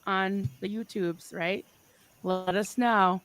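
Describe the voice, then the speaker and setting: A woman's voice: medium pitch, steady tone, takes it slowly, no echo. A woman co-hosting a casual livestream, bubbly and laughing often as she reads chat messages aloud. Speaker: co-host.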